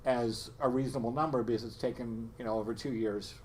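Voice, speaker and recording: A man at a town board meeting, laying out figures in a halting, thinking-aloud way. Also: mid-range voice, fairly even intonation, darkish tone, slight background noise. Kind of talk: municipal board meeting discussion.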